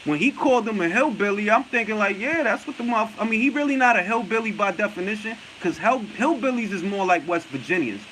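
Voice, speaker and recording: Brief: New York-accented male boxing talk host, lively high voice, blunt and profane, laughs a lot. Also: fast, few pauses, slight background noise, rough recording. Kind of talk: casual commentary, answering viewer comments.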